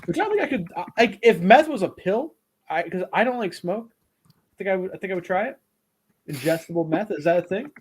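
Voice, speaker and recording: Male host, slightly high voice, rambling casual storyteller, swears freely. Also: animated, a little fast, slight background noise. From Italian heritage. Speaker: podcast host. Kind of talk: casual chat.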